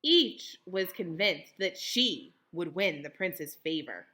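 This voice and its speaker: A young woman teacher reading a picture book aloud to children, pausing to explain words in simple terms. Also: fairly low pitch, expressive, sharp tone.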